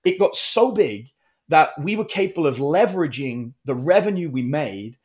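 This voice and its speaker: A middle-aged man talks as a guest on an interview show. His voice sits a little high. He tells stories with energy and slips into the voices of the people he quotes. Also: moderate pace. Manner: animated storyteller, acts out quotes. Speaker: podcast guest, entrepreneur. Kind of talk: casual interview storytelling.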